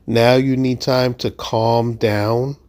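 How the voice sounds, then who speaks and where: A man's voice: mid-range voice, little pitch movement, takes it slowly, a little mellow. A man giving casual, incredulous commentary over a video clip. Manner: incredulous, judgmental. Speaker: reaction commentator.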